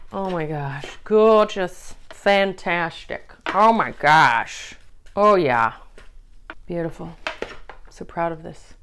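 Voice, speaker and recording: Gushing woman with a lively, swooping voice. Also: on the low side, slow pace, slight background noise. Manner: gushing, exclaiming over the food; murmurs and hums of approval. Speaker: cooking vlogger. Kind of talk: casual cooking demonstration.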